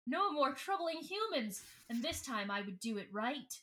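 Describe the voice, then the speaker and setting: A woman's voice: sits high, big pitch swings, moderate pace, a bit bright. A woman voicing a scheming, ambitious female alien commander who speaks in a coolly sinister way.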